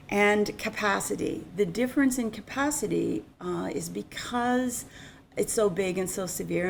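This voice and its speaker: A woman's voice: on the low side, creaky, slight background noise. A middle-aged woman giving an unscripted, conversational conference presentation on insurance. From Canada.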